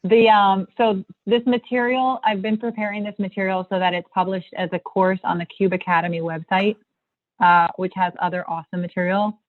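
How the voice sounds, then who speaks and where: A woman's voice: mid-range voice, fairly even intonation, brisk, dry recording. A woman guest presenting a technical topic on a livestream video call, talking in a rambling way with many fillers and restarts. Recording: tinny phone-like line.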